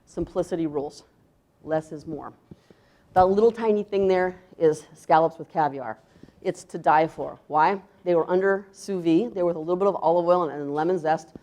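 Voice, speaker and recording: A woman's voice: lowish voice, normal speed, warm tone. A woman chef giving a conference talk, emphatic, asking the audience rhetorical questions and acting out quoted voices. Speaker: chef presenter.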